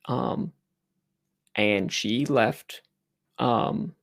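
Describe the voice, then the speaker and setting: Slow, gravelly male game master. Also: mid-range voice, expressive. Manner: halting, with many fillers and restarts. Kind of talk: narrating a tabletop game.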